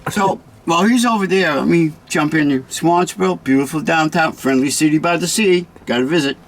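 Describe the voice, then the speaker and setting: A man's voice: on the high side, a little fast, a little hiss or hum. A man with a Boston accent, a guest collector chatting casually and jokily. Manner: chatty, jokey, lively. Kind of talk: casual chat.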